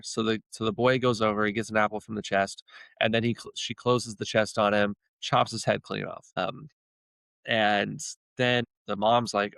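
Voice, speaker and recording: Creaky-voiced man rambling through a tale. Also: fairly low pitch, little pitch movement, unhurried, fairly bright tone, no echo. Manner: rambling, many fillers and restarts. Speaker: guest. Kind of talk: casual storytelling chat.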